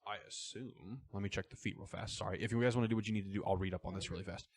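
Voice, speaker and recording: Lowish-voiced man, hesitant tabletop player. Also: steady tone, very fast, dry recording. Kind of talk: casual tabletop play.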